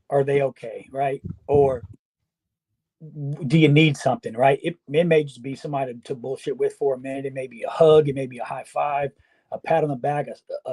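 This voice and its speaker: A man's voice: a little high, mellow. A man co-hosting a veterans podcast, speaking directly and coaching-style, with casual swearing and frequent "right?" tags.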